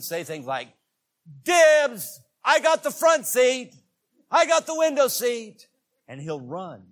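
A man with a husky, slightly high voice preaches to a church congregation. He swings from quiet, confiding asides up to loud, animated calls. His delivery is that of a visiting evangelist. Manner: animated preaching, rising to shouts on key words. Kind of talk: sermon.

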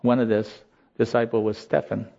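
A man preaching a sermon in a slow, earnest voice that rises in emotional peaks. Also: on the low side, level tone, gravelly, warm tone. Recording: slightly dull lo-fi sound.

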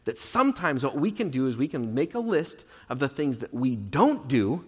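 A male pastor preaching a sermon in an earnest way, moving between emphatic and hushed delivery. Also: medium pitch, big pitch swings, normal speed, husky. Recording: long hall reverb.

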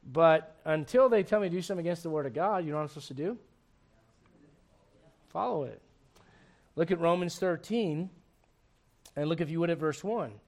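A man preaching a sermon as pastor, lively and humorous, full of rhetorical questions to the congregation. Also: on the high side.

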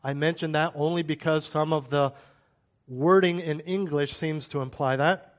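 A man's voice: a little high, fairly even intonation, moderate pace. A man giving a sermon-style Bible teaching in a conversational way, with rhetorical questions and asides.

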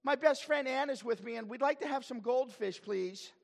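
A whiny little girl in a high, sing-song voice, sobbing out her complaints, as a preacher puts her on. She talks in tearful outbursts. The sound rings with long reverb from a church hall. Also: normal speed, vocal fry, full character voice. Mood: sweet. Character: upset little girl, quick to forgive.

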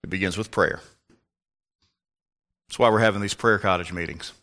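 A man's voice: low-pitched, normal speed, sharp tone. An older man, a pastor, preaching a sermon in an emphatic, folksy way with asides to the congregation.

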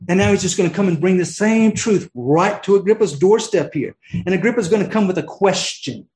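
A man's voice: sits high, brisk, a little mellow, echoey room, low-quality recording. A man preaching a sermon, earnest, often restarting his sentences and rising into emphatic peaks. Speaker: pastor.

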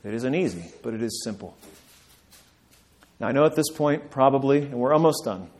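A male pastor preaching a sermon, building to emphatic peaks and dropping to quiet, earnest lines. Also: medium pitch, animated, moderate pace.

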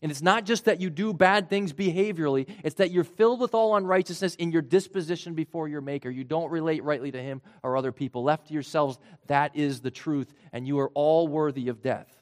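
A man preaching a sermon in an earnest way, his voice rising for emphasis and then dropping low and quiet. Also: fairly quick, hardly any pauses. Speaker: pastor.

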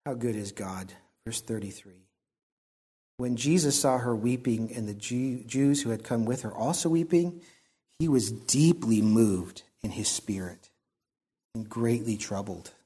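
A man preaching a sermon in an earnest, reflective way, often dropping to a soft hush. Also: medium pitch, measured pace, slightly rough.

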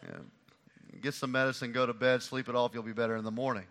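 Male pastor, sermon, bright tense voice, emphatic, repeats phrases, hushed to loud. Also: mid-range voice, little pitch movement, fast. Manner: swings between hushed and loud.

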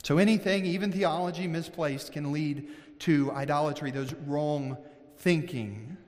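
A high-voiced man from Missouri delivers a sermon, earnest and searching, with frequent restarts and slowed, weighted phrases. His voice carries a long reverb, as if filling a church sanctuary. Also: darkish tone. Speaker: pastor.

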